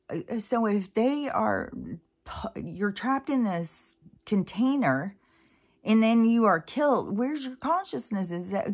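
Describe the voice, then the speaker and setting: A woman vlogger talking in a rambling, casual monologue, full of fillers and asides. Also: mid-range voice. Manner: chatty, meandering, many fillers and asides.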